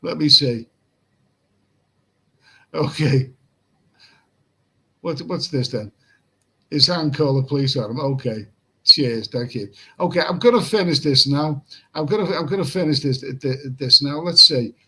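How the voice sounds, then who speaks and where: A man's voice: on the high side, unhurried, pauses often, pushed and bright, husky, low-quality recording. A man hosting a late-night livestream and reading chat comments in a casual, rambling way. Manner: rambling, repeats himself, chuckles at chat comments. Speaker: livestream host. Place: room in Pattaya at night.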